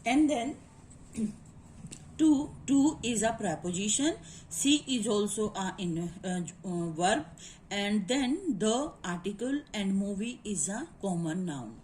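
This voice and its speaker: A woman's voice: medium pitch, animated, slow, darkish tone, a little hiss or hum, low-quality recording. A woman teacher with an Indian English accent, explaining grammar in a lecture and checking that students follow. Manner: explanatory, repeats points and asks "is it clear?". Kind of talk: classroom lecture.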